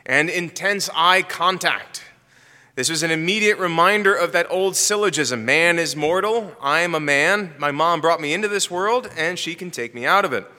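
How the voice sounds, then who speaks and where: A man's voice: high voice, pushed and bright, long reverb tail. A man preaching a sermon as pastor, emphatic and structured, asking rhetorical questions.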